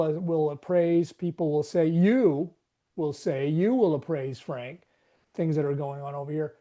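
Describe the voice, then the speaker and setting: A man's voice: fairly high pitch, warm tone. A man talking in a casual group discussion, rambling and acting out his own inner dialogue. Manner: rambling, self-questioning, acts out inner dialogue. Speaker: webinar participant.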